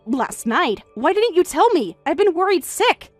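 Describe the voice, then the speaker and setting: A woman voicing a frantic, defensive middle-aged mother who talks in a shrill, insistent, raised voice over faint music. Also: sing-song, unhurried, exaggerated voice.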